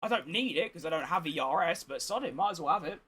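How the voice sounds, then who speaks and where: Hoarse man talking over a game. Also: fairly high pitch, lively intonation, fast, bright, forceful tone. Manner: chatty, exasperated, swears freely. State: hoarse, tired. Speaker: gaming streamer. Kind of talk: casual gameplay commentary.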